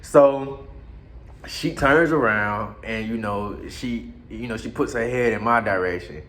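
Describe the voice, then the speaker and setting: A man telling a crude, comic story in a casual, animated way. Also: mid-range voice, measured pace. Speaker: podcast host telling a story.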